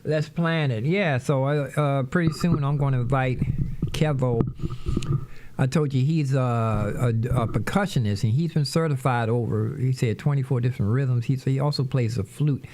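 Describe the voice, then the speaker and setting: A middle-aged man hosting a casual livestream from his home studio, rambling to his viewers while he sets up music software. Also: mid-range voice, normal speed, a little hiss or hum. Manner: rambling, talks to viewers as "y'all".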